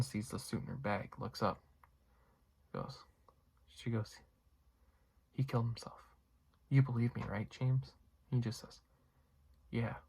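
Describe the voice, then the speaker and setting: A man's voice: medium pitch, gravelly, a little mellow, husky. A young man giving a casual, rambling movie review, full of fillers and asides. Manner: rambling, lots of fillers and you-knows.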